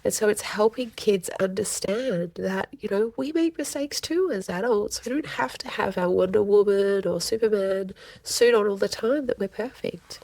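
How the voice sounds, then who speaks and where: A woman's voice: mid-range voice, moderate pace, hardly any pauses, a little mellow, no echo. A woman, a counselor speaking earnestly in a podcast interview and often voicing quoted speech. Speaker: family and child counselor, guest. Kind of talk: podcast interview, casual advice.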